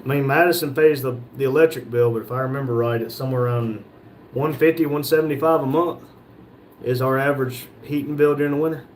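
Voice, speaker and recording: A man's voice: medium pitch, steady tone, quick pace, slight background noise. A man from North Carolina, hosting a casual livestream and reading viewer comments aloud with joking replies. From North Carolina, USA. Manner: reads viewer comments aloud and jokes back. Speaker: livestream host reading chat. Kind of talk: casual live chat.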